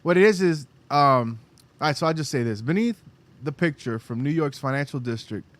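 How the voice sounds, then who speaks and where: A man's voice: a little high, expressive, brisk, fairly bright tone. A man co-hosting a casual faith podcast. He rambles, often restarts phrases, and reads news articles aloud. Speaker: podcast co-host.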